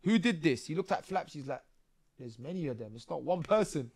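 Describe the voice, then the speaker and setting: A man, a podcast guest telling his stories in casual street slang, often tagging lines with "bro" and "yeah" and getting animated. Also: fairly high pitch, brisk, vocal fry, slightly rough, no echo. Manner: animated, rising when excited. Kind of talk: casual interview storytelling.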